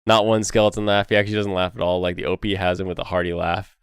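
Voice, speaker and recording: A man's voice: low voice, level tone, fast, clean tone, no echo, clean studio sound. A young man hosting a casual anime chat while sick, rambling with many fillers and frequent laughs. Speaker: host.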